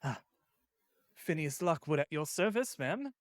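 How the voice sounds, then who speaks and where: A man voicing a watchful gentleman guest with formal, deferential manners. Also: a little high, very animated, a little slow, dry recording, studio quality, voice pushed up. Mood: polite.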